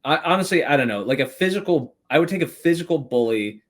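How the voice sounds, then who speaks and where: Laughing between words and swearing a lot, a young podcast guest rambles casually through his stories. His voice is a little high and animated, and he talks quickly.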